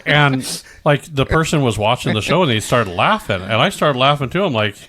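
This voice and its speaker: Here a man from the Midwest, co-hosting a podcast, rambles through casual conversation with lots of restarts and the occasional goofy put-on voice. He has a mid-range, slightly bright voice with lively intonation, talking a bit fast and barely pausing.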